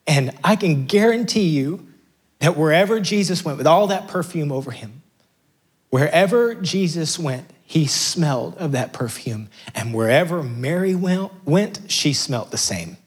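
A man's voice: a little high, animated, a little slow, husky. A middle-aged man preaching a sermon as pastor, passionate and building to emphatic peaks.

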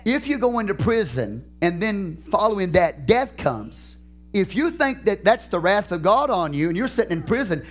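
In a church, a male pastor preaches a fervent, questioning sermon in a high, sing-song voice. He builds to shouted peaks and stretches some phrases out slowly.

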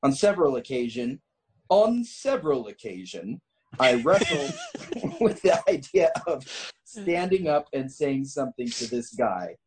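A man reads a listener's story aloud to friends in a dramatic, storytelling tone. He keeps breaking into laughter and stumbles over lines, his pitch sitting in an ordinary middle range. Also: sing-song, measured pace, crowd noise, rough recording. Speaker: podcast co-host reading a story aloud. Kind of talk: casual group chat, reading a listener story.

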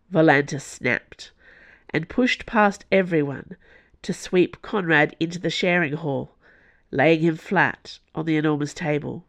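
A woman narrating an audiobook in a slow, measured reading. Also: low voice, no echo, studio quality.

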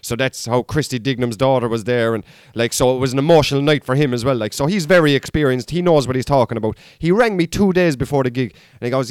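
A man's voice: medium pitch, quick pace, a little mellow, clear, resonant tone, dry recording, studio quality. A man in his thirties with an Irish accent, a comedian talking through a candid, rambling monologue with plenty of swearing. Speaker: comedian and podcast host. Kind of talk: casual storytelling monologue.

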